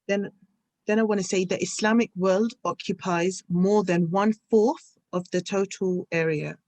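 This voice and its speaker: A woman's voice: medium pitch, steady tone, measured pace, a little mellow, dry recording. Woman student explaining her sentence kinda hesitantly, dry mic. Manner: hesitant, careful. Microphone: video call.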